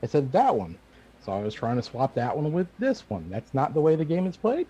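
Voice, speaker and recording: A man's voice: mid-range voice, big pitch swings, fairly quick, mellow, breathy edge. A man playing his character in a tabletop game, speaking in an earnest, innocent way. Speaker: player. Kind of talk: in-character role-play chat. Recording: dull audio with faint hiss.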